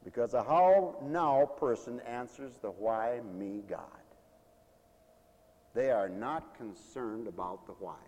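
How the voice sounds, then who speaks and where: A man preaching a lively sermon, playful and animated, laughing often and acting out whiny voices. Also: mid-range voice, slow, muffled recording. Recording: hall with long reverb.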